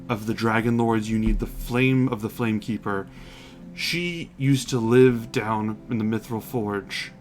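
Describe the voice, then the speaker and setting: A boisterous old forge god, as a man puts him on, rambling and tripping over his words with sudden loud bursts. He sounds like a proud, fussy father in a tabletop game. Soft music plays faintly beneath him. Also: mid-range voice, natural voice.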